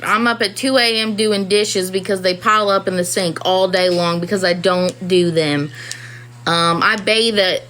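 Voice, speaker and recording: A woman's voice: mid-range voice, fairly even intonation, moderate pace, fairly bright tone, rough recording. A woman, a mother of four, talking candidly and ramblingly in a casual personal talk to camera. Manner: candid and rambling, many "you know"s.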